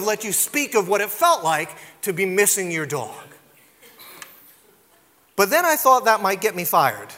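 A middle-aged pastor preaching with a high, bright, ringing voice, carried by the long reverb of a large hall. He tells stories about himself in a loose, conversational way and keeps checking in with listeners. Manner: conversational, self-deprecating storytelling with frequent "right?" asides. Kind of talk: sermon with humorous stories.

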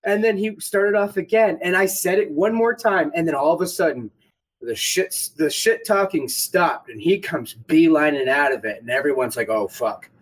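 A man's voice: fairly high pitch, lively intonation, moderate pace, poor audio. A man casually telling a rambling, profane story about getting shot at an airsoft game. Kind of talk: casual podcast chat.

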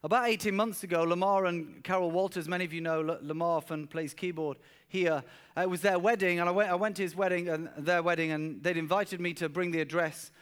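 A man's voice: sits high, steady tone, a little fast, fairly bright tone, clear, resonant tone. A man preaching a sermon at a church service, telling stories earnestly and often repeating words as he goes. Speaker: pastor.

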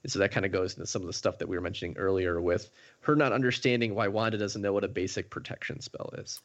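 A man with a low voice co-hosts a podcast. He recaps a show step by step, casual and methodical with plenty of fillers. His audio sounds dull and muffled. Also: fairly even intonation, fast talker, a bit bright. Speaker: podcast co-host. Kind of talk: casual chat, recapping an episode.

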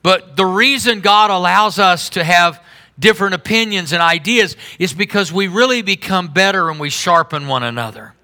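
Man, middle-aged pastor, high voice, very bright and sharp tone, conversational preaching, sudden swings in volume. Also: animated, normal speed. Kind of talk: sermon.

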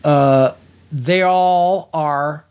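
A man's voice: fairly high pitch, drawn-out words, smooth. Blunt, fired-up middle-aged man. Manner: blunt and animated, swears freely, frequent restarts. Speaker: podcast co-host, film reviewer. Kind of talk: casual film review chat.

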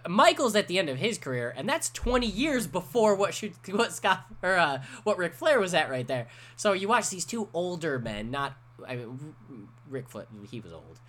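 A man in a casual podcast chat, telling a story with animated energy and swearing freely. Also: sits high, moderate pace, hardly any pauses.

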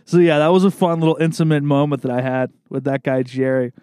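A man's voice: a little high, level tone, fast talker, mellow, clean tone, no room sound, studio quality. A man hosting a podcast in casual chat. He talks loosely, swears often and laughs a lot. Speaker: podcast host.

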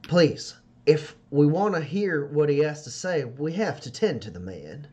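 A man's voice: a little high, lively intonation, a little slow, darkish tone. Brief: a man doing a polite, soothing mediator with a slightly raised voice. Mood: pleading. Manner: soothing, formal. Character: smooth, placating male mediator, formal and polite.

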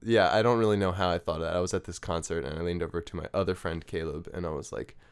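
A man's voice: low-pitched, fairly even intonation, fast, smooth. A young man in his twenties, a musician guest in a podcast interview, who rambles with lots of "like" and false starts. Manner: rambling, full of "like" and restarts.

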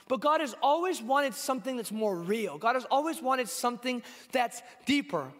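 A young man in his twenties preaches a sermon with a hoarse, high voice. He talks in an earnest, conversational way, full of little fillers. The sound rings out with the long reverb of a church hall. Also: expressive, normal speed, few pauses, fairly bright tone. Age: 20s.

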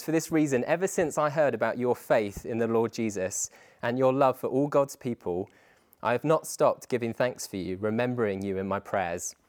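A man giving an informal, earnest sermon to students, talking conversationally and quoting scripture and prayers. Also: medium pitch. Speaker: speaker at a student Christian talk.

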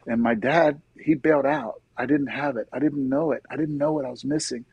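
Middle-aged guy telling his faith story, husky voice, dry close sound, keeps saying man. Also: mid-range voice, steady tone, fairly quick, no room sound, highs cut off. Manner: earnest storytelling, often says "man", soft-spoken at emotional points. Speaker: interview guest. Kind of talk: personal faith testimony in conversation.

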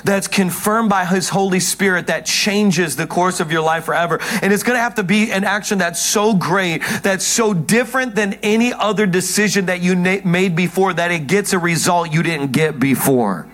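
A man with a notably high speaking voice delivers a sermon from a church stage. He talks straight to the congregation. His tone swings between self-mocking humor and urgent, earnest appeals. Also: normal speed, few pauses, a bit bright. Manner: jokey, self-mocking preaching with frequent laughs. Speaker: pastor.

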